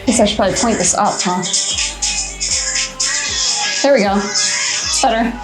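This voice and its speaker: A woman's voice: medium pitch, moderate pace, over loud music. A woman vlogger chatting casually to the camera in her home studio, rambling in an anxious, chatty way.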